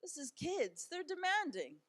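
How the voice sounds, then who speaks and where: A middle-aged woman giving a talk as a guest speaker, telling personal stories in a conversational, animated way with frequent fillers. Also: very high-pitched, unhurried. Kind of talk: personal storytelling talk to an audience. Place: church event.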